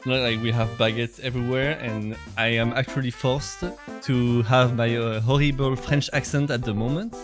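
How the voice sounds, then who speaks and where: A man's voice: mid-range voice, fairly even intonation, normal speed, few pauses, music in the background. Chatty male game streamer. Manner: chatty, laughs often, reads chat aloud. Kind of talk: casual live-stream chat with viewers.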